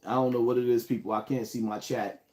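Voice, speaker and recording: He's a Bronx, New York native whose mid-range voice barely moves in pitch, going at a quick pace with a mellow sound. On his casual livestream he gets hyped and calls out viewers by where they live.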